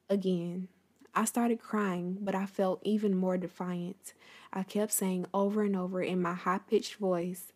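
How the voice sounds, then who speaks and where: This host speaks a little slowly in a medium-pitched, steady, darkish voice. She talks to her listeners conversationally about history, then reads aloud from a book.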